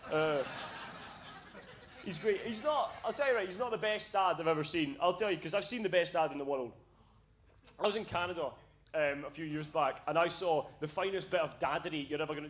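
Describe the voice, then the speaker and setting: A man's voice: on the high side, a bit bright. A young man from Scotland doing a stand-up comedy set on a club stage, telling a story with lots of swearing and acted-out voices.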